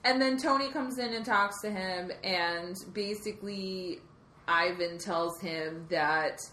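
A woman co-hosting a podcast, casually chatting about a movie, playful and quick to chime in and finish her partner's sentences. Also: medium pitch, bright, forceful tone, reverberant, a little hiss or hum. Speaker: podcast co-host. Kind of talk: casual movie recap chat.

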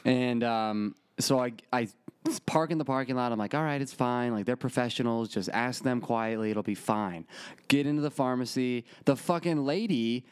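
A man casually telling a crude, animated story on a podcast, acting out the people in it. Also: mid-range voice, normal speed, clean tone, dry recording.

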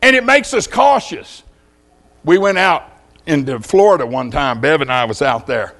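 A man's voice: on the high side, lively intonation, moderate pace, a bit bright. An older man preaching a sermon, telling homespun stories and jokes in a folksy way.

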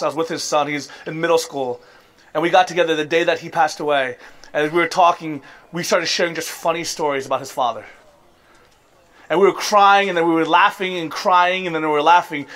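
High-pitched guy preaching, chatty and emphatic, chuckles at himself sometimes. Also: fairly bright tone. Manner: conversational, emphatic, laughs at himself. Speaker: pastor. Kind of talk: sermon. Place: church service.

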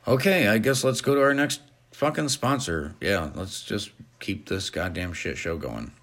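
A man's voice: lowish voice, normal speed, a bit bright. A man hosting a crude comedy podcast, offhand and full of swearing and fillers. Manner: profane, offhand, hesitant fillers. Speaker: podcast host.

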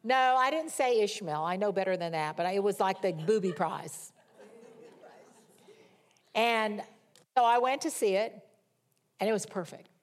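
A middle-aged woman preaching, with a voice that sits at an ordinary pitch for a woman. She reads scripture, then slips into an animated, humorous story and talks straight to her congregation. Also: measured pace, long pauses. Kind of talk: sermon with personal story.

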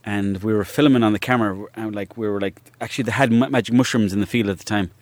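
A man's voice: on the low side, fairly even intonation, fast talker, a little mellow, dry recording. An Irish man, a guest comedian, telling loose, rambling stories in casual chat, swearing freely and laughing as he goes. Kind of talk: casual anecdotal storytelling.

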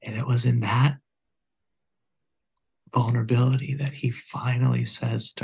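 A man guest on a podcast, telling a story in conversation in an earnest, measured way. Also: mid-range voice, level tone, creaky, slightly rough.

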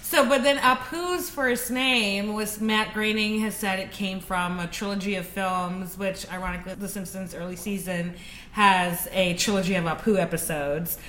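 A woman steering a casual panel discussion in a quick, emphatic way. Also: medium pitch, fairly even intonation, fairly bright tone. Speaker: podcast panelist. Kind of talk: casual chat. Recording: echoey room, faint background noise.

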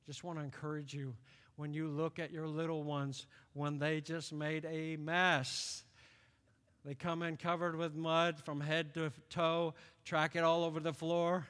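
Man, late 50s, from upstate New York, pastor, animated sermon, bright ringing tone, long hall reverb. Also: a little high, a little slow. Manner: animated storytelling, acts out quoted voices.

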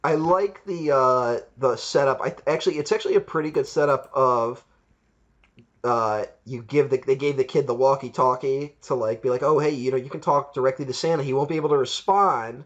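A man's voice: mid-range voice, brisk, hardly any pauses, muffled recording. A man chatting casually about a film on a podcast, rambling, laughing and acting out scenes from it. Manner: rambling, chuckling, acts out quotes. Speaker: podcast co-host. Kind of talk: casual film review chat.

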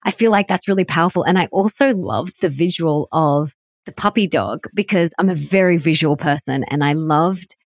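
A woman with a somewhat low voice, hosting a podcast conversation. She sounds warmly enthusiastic and affirming as she responds to her guest. The recording is dry and close to the mic. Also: moderate pace, dry recording. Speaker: podcast host. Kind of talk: casual interview talk.

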